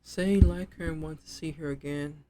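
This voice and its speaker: A man's voice: a little high, fairly even intonation, brisk, background noise. A man casually commenting while playing a dating game, reading choices aloud and judging them. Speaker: gaming streamer.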